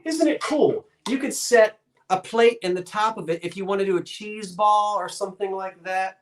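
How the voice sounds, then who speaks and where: A folksy man hosts a live-streamed sale, chatting casually and rambling off on little asides. His voice sits somewhat high for a man. The sound rings with noticeable room echo. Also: normal speed. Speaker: live online auction seller.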